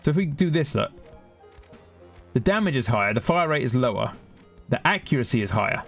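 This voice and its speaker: A man's voice: medium pitch, sing-song, brisk, creaky, fairly bright tone, soft background music. A man commenting casually on his gameplay as a streamer, chatty and sarcastic as he thinks aloud. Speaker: gaming streamer.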